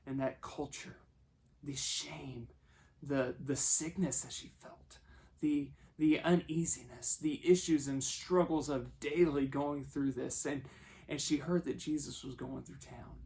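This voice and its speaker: A man preaching a sermon, telling the story and acting out the voices he quotes, moving between hushed and loud passages. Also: mid-range voice, vocal fry.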